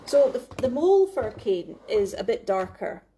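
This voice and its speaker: A woman's voice: a little high, very animated, moderate pace, mellow, a little hiss or hum. A woman hosting a casual live video chat from her craft workspace, talking into her phone in a rambling way, with lots of restarts and laughs. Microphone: phone camera.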